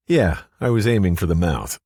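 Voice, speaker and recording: A man voicing a quick-witted, dryly teasing woman detective in an audiobook. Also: low-pitched, sing-song, a little mellow, breathy edge, dry recording, voice pushed up, exaggerated voice. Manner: dry teasing.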